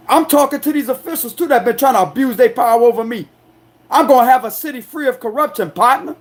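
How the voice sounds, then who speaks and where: A man delivering an angry, defiant monologue as a tarot reader, confrontational and forceful, repeating himself to drive points home. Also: very high voice. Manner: loud, forceful, aggressive delivery.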